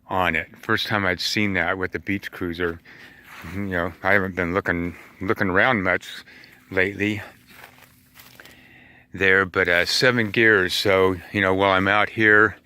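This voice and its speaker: A man casually showing his van-life gear outdoors by a river, rambling and relaxed with lots of fillers and restarts. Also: low voice, measured pace, clear, resonant tone. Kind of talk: casual vlog walkthrough.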